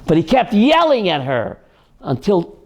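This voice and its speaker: A man's voice: sits high, wildly swooping pitch, a little slow, background noise. A man, a rabbi and host, tells a story on a call-in show, repeating key phrases for emphasis.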